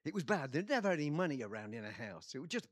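An older man from England with an English accent, preaching a sermon with personal stories, shifting between quiet telling and loud bursts. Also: a little high, sing-song, racing, no echo, clean studio sound. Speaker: pastor.

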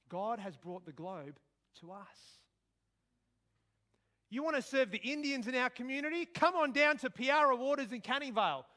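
A middle-aged man preaching a sermon, telling stories and breaking into sudden loud outbursts. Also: very high voice.

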